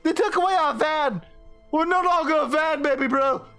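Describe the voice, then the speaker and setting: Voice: high-pitched, normal speed, bright, forceful tone, faint music behind. A game commentator cursing and reacting with strong emotion as he plays through a story game. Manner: profane, emotional outbursts. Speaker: gaming commentator. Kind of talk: let's play commentary.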